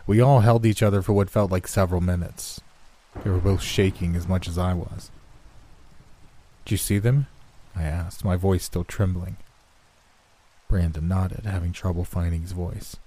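Deep-voiced man narrating horror. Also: steady tone, normal speed, mellow, slight background noise. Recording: rain and thunder sounds behind.

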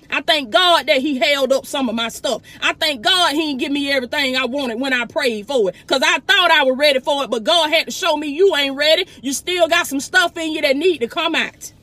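A woman's voice: high-pitched, fairly quick, hardly any pauses, pushed and bright, no echo. A woman with a Southern US accent, a motivational speaker preaching fervently to online viewers from inside a truck, calling them "baby" and praising God. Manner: fervent preaching, calls listeners "baby", exclaims "glory be to God". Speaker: motivational speaker and life coach.

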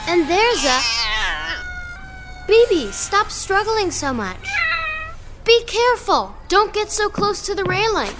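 A woman's voice: very high voice, very animated, slow pace, long pauses, background noise, full character voice. A woman voicing a curious young girl private eye in an audio drama, talking to her cat. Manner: inquisitive, talks to her cat.

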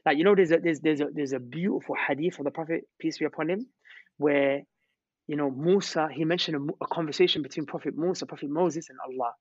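A man telling religious stories in an animated, slangy way, repeating words as he goes. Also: fairly high pitch, quick pace, breathy edge, no echo. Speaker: Islamic preacher. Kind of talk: storytelling religious talk. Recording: dull, lo-fi sound.

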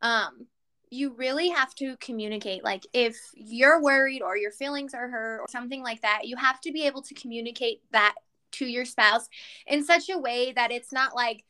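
High, bright, giggly woman. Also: moderate pace. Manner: animated, giggly, acts out quotes. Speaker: podcast co-host. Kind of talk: casual chat.

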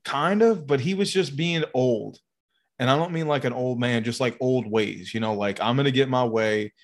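Animated, foul-mouthed man telling a story. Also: mid-range voice, normal speed. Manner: animated, swears a lot, acts out other people's voices. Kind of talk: casual profane storytelling.

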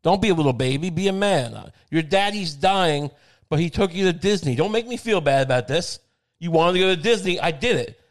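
A man playing an angry dying father who scolds his young son in loud, profane bursts. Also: mid-range voice, moderate pace, close to an everyday voice. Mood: indignant.

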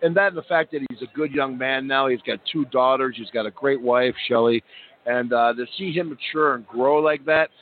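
A man's voice: medium pitch, normal speed. A man in his fifties with a Philadelphia accent, chatting as a radio guest and acting out voices as he tells stories. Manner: animated storyteller, acts out voices. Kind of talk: casual chat. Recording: tinny phone-like line.

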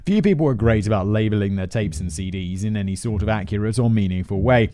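A man's voice: on the low side, fast, dark tone. A man in his thirties hosting a podcast, reading a script with chatty, rambling asides and frequent laughter. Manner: rambling, laughs often, breaks off into tangents.

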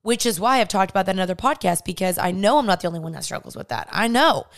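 Smooth-voiced young woman sharing a testimony. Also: medium pitch, expressive, fast. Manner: candid and earnest, chatty with frequent fillers. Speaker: podcast host. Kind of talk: personal faith testimony, casual storytelling.

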